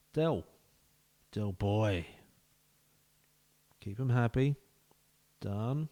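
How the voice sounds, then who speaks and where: A man's voice: lowish voice, warm tone. A man giving casual, jokey let's-play commentary as a gaming video host, bantering with the players in the game.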